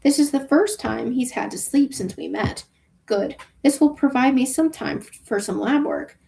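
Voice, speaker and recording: A woman's voice: high voice, moderate pace, vocal fry, mellow, a little hiss or hum. A woman reading a novel aloud for a book club, casual, with offhand asides about her own reading.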